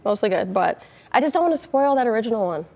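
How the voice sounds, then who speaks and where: Woman weather-team guest, higher voice, easygoing short replies. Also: sing-song, fast, creaky, dark tone. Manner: easygoing, short agreeable answers. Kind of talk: casual on-air chat.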